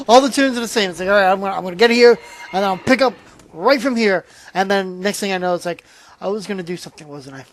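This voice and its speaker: Tired host for casual gameplay commentary, yawning, chatty, restarts often, desk mic at home. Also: mid-range voice. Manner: rambling, with frequent restarts and trailing asides. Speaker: channel host.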